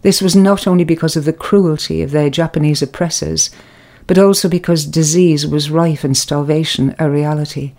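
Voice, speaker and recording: Calm, earnest woman giving a devotional. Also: low voice, normal speed. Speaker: preacher. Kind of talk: spoken devotional reflection.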